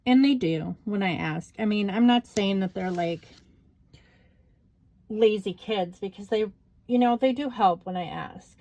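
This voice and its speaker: A middle-aged woman, a crafting vlogger, chats casually to her camera while journaling and working on a craft project. She tells a loose, rambling story full of "like" and "you know," at a measured pace in an ordinary mid-height, darkish voice. The audio quality is poor.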